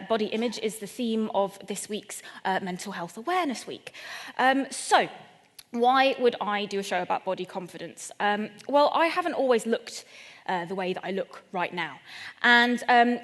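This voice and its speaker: A woman's voice: fairly high pitch, big-room sound. A woman from England doing a stand-up comedy talk, chatty, playful and self-deprecating, speaking straight to a live audience. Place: event venue in front of a live audience.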